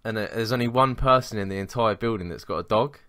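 Fairly low in pitch and quick, his voice carries a slightly bright tone, recorded at studio quality with no echo. He's a podcast co-host spinning a meandering work anecdote in casual conversation, swearing and chuckling at his own tale.

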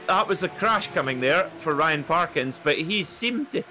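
A man giving sim racing commentary, excitable and quick to jump up in pitch at close moments.

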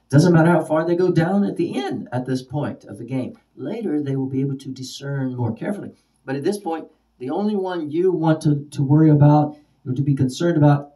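A man's voice: fairly high pitch, dark tone. Emphatic man teaching, from a distance. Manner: repetitive, emphatic, drills words aloud. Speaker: ESL teacher trainer. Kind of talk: instructional lecture.

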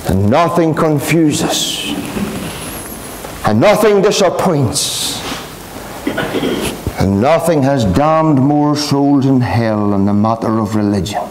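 A man's voice: medium pitch, expressive, slow pace, pauses often, a little hiss or hum. A Northern Irish pastor preaching an emphatic, repetitive gospel sermon in a gospel hall, calling his listeners friends.

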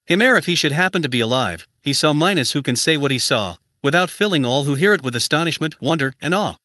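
Bright, dry-voiced male audiobook narrator. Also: a little high, lively intonation, fast, no room sound. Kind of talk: scripted narration.

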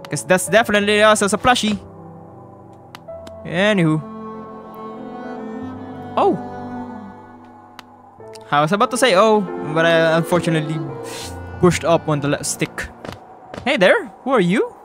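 A man's voice: high voice, a little slow, long pauses. A man giving casual let's-play commentary, rambling and easily sidetracked, with self-mocking laughs. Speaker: gamer. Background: game music.

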